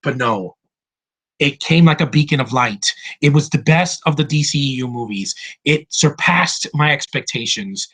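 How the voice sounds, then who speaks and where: A man giving a casual, excitable film review, swearing freely and often restarting his sentences. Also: mid-range voice, normal speed, low-quality recording. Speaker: movie reviewer.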